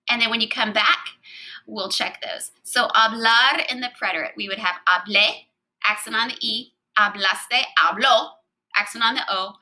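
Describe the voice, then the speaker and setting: Teacher lady going over spanish verbs, really bright voice, patient and clear. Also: on the high side, low-quality recording. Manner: clear, patient explaining with spelled-out letters. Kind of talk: recorded grammar lesson.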